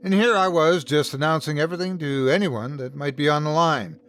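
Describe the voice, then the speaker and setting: A man narrating a first-person horror story in an expressive, dramatic storytelling manner. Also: a little high, brisk.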